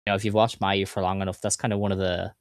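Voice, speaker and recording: A man's voice: low-pitched, flat delivery, rapid-fire, clear, resonant tone, no echo, studio quality. A man co-hosting a podcast, chatting casually and recapping results in enthusiastic detail. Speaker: podcast co-host. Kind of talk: casual chat.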